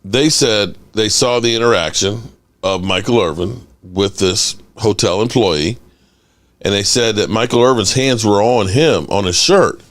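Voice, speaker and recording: A man hosting a casual sports fan livestream. He reads chat aloud and rants with animated energy. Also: on the low side, unhurried. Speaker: host of a sports fan channel.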